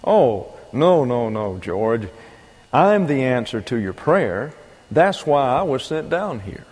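A man's voice: mid-range voice, very animated, slow, slightly rough, full character voice. A man voicing an earnest, stammering older male guardian angel in a retold film story. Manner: gentle, stammering, eager to please. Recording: long reverb.

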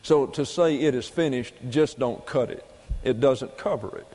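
A man's voice: medium pitch, normal speed, warm tone. A man preaching a doctrinal sermon, explaining Greek grammar point by point and repeating key phrases for emphasis. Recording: long hall reverb.

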